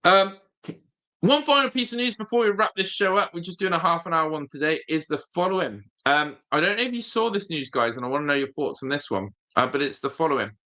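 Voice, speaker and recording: Fairly high-pitched, animated, and quick, his voice sounds pushed and bright. He's a man running a casual football fan stream, speaking directly to viewers with emphasis and often repeating his phrases.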